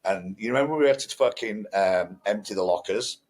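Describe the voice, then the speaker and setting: A man with a slightly husky, fairly low voice co-hosts a podcast in casual conversation. He tells stories bluntly and swears freely. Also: a little fast, darkish tone. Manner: blunt, frequent swearing, storytelling. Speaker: podcast co-host.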